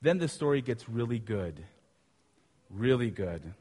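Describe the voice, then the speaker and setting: A man preaching a sermon with animated storytelling, asking his listeners questions. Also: medium pitch, unhurried, husky. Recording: long hall reverb.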